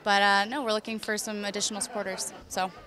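Woman pitching her brand, bright clear voice, lots of ums. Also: flat delivery, fast. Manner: friendly, many um fillers. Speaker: brand representative. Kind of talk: product pitch interview.

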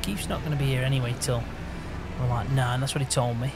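A man's voice: mid-range voice, steady tone, fast, very noisy. A man playing a farmhand in a game roleplay, teasing and chuckling in banter.

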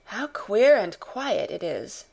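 A woman's voice: mid-range voice, very animated, slow pace, gravelly, darkish tone, heavily acted. A cross, self-centred little girl voiced by a woman narrator speaks in an audiobook. She is stiff and imperious and fires off indignant questions. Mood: puzzled. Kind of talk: audiobook character reading.

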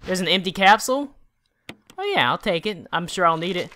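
A let's play gamer swearing and shouting at enemies while commenting on the game to the viewer. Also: medium pitch, a little fast. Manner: profane, excitable, yells at enemies on screen; talks to the viewer while playing. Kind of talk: casual gameplay commentary.

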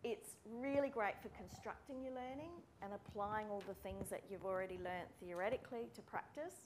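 A woman, a speech pathology lecturer giving a friendly, brisk welcome talk to students and calling out names. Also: mid-range voice, slight background noise. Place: university room with students.

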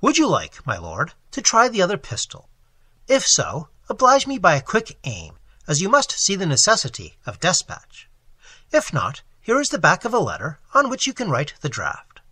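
A man reading aloud and voicing a cool, mock-polite gentleman highwayman who never loses his composure. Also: huge pitch swings, moderate pace, slightly rough, no room sound, studio quality, heavily acted. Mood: coolly mocking. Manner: suave, mock-polite, unflappable. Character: cool mocking gentleman highwayman, adult male.

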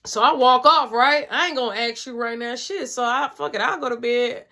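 A woman telling a personal story in casual, fast, profane slang. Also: a little high. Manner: fast, profane, slangy, drops to a hush when retelling night scenes.

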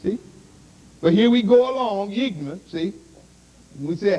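A man's voice: high-pitched, animated, measured pace, dark tone, poor audio. A man preaching a sermon to a congregation, constantly asking "see?" and "you understand?".

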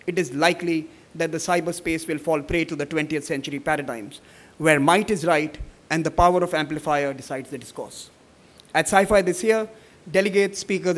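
Measured man at a conference podium. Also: high voice. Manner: measured speaker with many "uh" fillers when he ad-libs. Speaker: conference chair giving welcome remarks. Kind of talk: formal welcome speech, partly read, partly ad-libbed.

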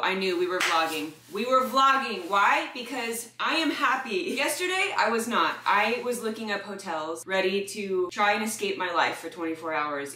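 A woman's voice: mid-range voice, pushed and bright. A young adult woman vlogging at home, chatty and self-mocking, rambling with bubbly energy. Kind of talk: casual vlog monologue. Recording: echoey room with faint music.

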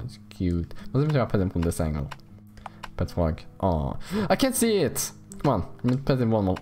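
A young man giving casual, jokey let's play commentary on a horror game, rambling and squealing up high when excited. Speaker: gaming YouTuber. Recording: faint game music behind.

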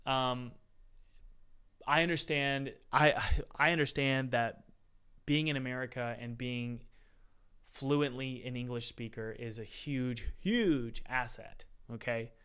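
A man's voice: mid-range voice, takes it slowly, fairly bright tone, clear, resonant tone. A man hosting a live-stream Q&A, chatty and upbeat, calling his viewers guys. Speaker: game dev course host answering live chat.

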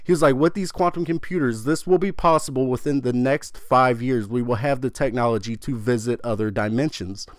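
An excitable young man hosting a gaming channel, swearing freely and rambling as he chats through his theory. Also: medium pitch, a little fast, few pauses, dry recording, studio quality. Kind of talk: casual video commentary on a game storyline.

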